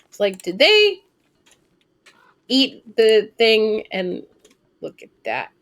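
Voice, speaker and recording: A woman in her twenties speaks slowly in a slightly high voice while live-streaming her gameplay. Her chatty, think-aloud commentary is sprinkled with casual swearing and sudden, excited squeals.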